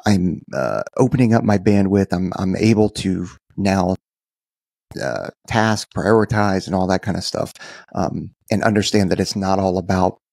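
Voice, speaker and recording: A man's voice: low-pitched, moderate pace, creaky, a little mellow, dry recording. A man co-hosting a podcast, talking casually in a rambling way with frequent restarts.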